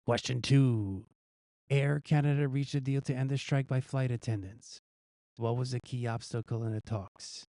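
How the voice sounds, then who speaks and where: A man's voice: medium pitch, steady tone, moderate pace, mellow, no room sound, studio quality. A male host casually reading out news quiz questions, guessing the answers himself and chuckling at his own gag options.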